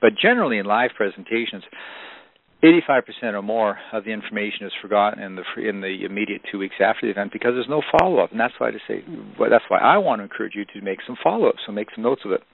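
A man's voice: fairly low pitch, lively intonation, very fast, creaky, dry recording. A man giving a motivational business seminar for audio CD, telling stories with emphasis and frequent restarts. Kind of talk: recorded seminar talk for audio CD. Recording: dry, phone-like narrow band.

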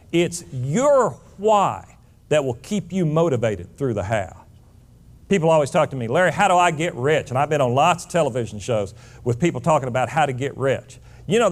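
A middle-aged man giving a motivational speech, blunt and emphatic, lecturing his listeners. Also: fairly high pitch. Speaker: motivational speaker.

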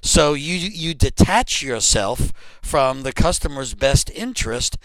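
A man giving an instructional talk on customer service, explaining in an emphatic, lively way. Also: medium pitch, takes it slowly, no room sound, rough recording. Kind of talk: instructional lecture.

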